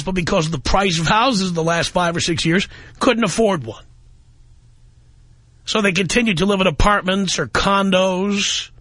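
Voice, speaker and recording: A man's voice: sits high, pushed and bright, no echo. A man hosting a talk radio show, ranting in an angry, emphatic way from a studio microphone.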